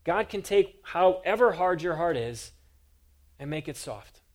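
A man's voice: a little high, lively intonation, measured pace. A man preaching a sermon as a pastor, earnest and emphatic, driving his points home with repeated rhetorical questions.

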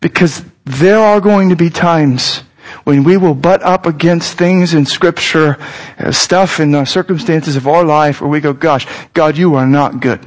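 High-voiced man preaching a conversational sermon. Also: unhurried. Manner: conversational, earnest preaching with direct address. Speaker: pastor.

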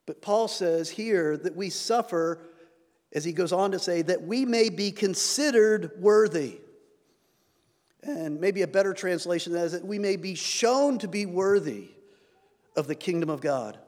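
Man, preacher, sermon, earnest, high-pitched, long hall reverb. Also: lively intonation, a little slow, darkish tone. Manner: earnest, rising when reading scripture.

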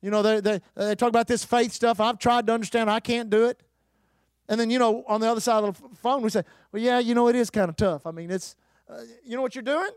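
A man preaching a sermon, emphatic, with rhetorical questions, repeated phrases and occasional shouted bursts. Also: extremely high pitch, steady tone, fast talker, clear, resonant tone, no echo, clean studio sound. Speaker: pastor.

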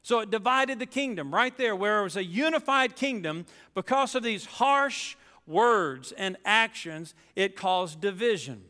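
A male pastor delivers a sermon, reading scripture and pressing his points with emphatic asides. His voice is bright and clear, and it rings with a long reverb through a church sanctuary. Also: high voice, animated, a little slow, hardly any pauses. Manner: reads scripture aloud then preaches with emphatic asides.

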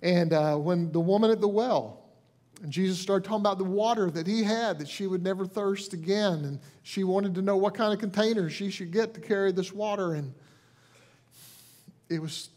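A man pastor giving a conversational sermon, earnest and gentle, often restarting phrases and dropping softly into quoted lines. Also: high voice, normal speed.

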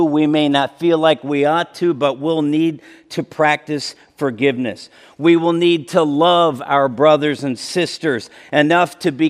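A man preaching a sermon as pastor, deliberate and building to emphatic intensity. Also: a little high, long reverb tail.

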